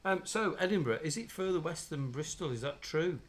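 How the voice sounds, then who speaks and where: A man's voice: on the high side, lively intonation, fairly quick. A man hosting a live quiz stream, easygoing, reading out questions and chatting about places he has visited. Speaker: quiz host. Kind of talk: casual live-stream chat.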